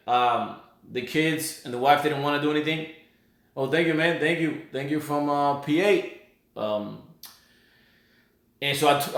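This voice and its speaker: A man's voice: a little high, a bit bright. Man chatting on a live stream. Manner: rambling, greets viewers by name and place. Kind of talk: casual live-stream chat. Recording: roomy echo.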